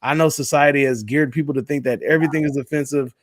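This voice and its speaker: A man's voice: fairly high pitch, fairly even intonation, fast talker, no room sound. A man co-hosting a casual live stream chat, loose and joking and cursing freely.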